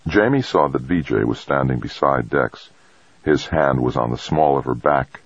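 Very deep, husky male narrator. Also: lively intonation, moderate pace, dry recording. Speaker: audiobook narrator. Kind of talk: scripted narration. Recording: dry, dull audio.

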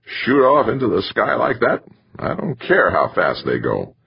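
A man's voice: mid-range voice, wildly swooping pitch, unhurried, creaky, breathy edge, lo-fi sound, voice pushed up, exaggerated voice. A man reading an audiobook, voicing a grumbling white-haired old man on a board.

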